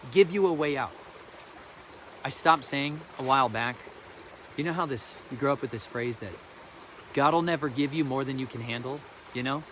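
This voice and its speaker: A man's voice: mid-range voice, a bit bright, slight background noise. A man giving an informal spiritual teaching as a podcast host, earnest, emphatic and colloquial.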